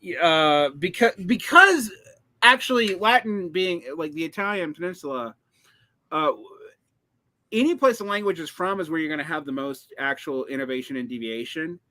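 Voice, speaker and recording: A man's voice: fairly high pitch, animated, normal speed, sharp tone. A man hosting a casual conversation, explaining language history in a digressive, lecturing way with many fillers and restarts. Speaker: host, teacher.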